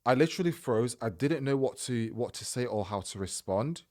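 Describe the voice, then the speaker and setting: A man hosting a podcast, telling a personal story in a casual, animated way and acting out the dialogue. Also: medium pitch, normal speed. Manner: animated, retells events by acting out quoted dialogue. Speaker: podcast host.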